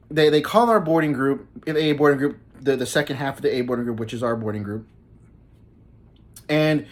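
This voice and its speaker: Guy vlogging, casual, keeps repeating words, laughs here and there. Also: mid-range voice. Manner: halting, repeats words often, laughs mid-sentence. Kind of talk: casual vlog storytelling.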